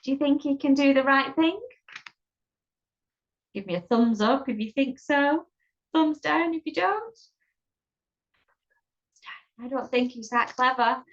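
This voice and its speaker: Heard through dull lo-fi audio, a storyteller with a high voice reads a picture book to kids at a measured pace with long pauses. She keeps it chatty and playful, asking the listener questions along the way.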